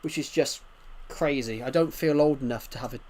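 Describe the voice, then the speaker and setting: A man's voice: mid-range voice, fairly quick, a little mellow. A man in his twenties with a thick rural British accent, chatting casually and rambling to his chat as a game streamer. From United Kingdom. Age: 20s.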